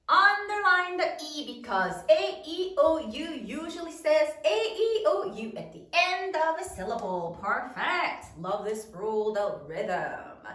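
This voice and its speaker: A woman teacher leading a spelling lesson for third graders, dictating words slowly and deliberately and spelling them out letter by letter. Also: high voice, a bit bright, roomy sound, recorded from a distance.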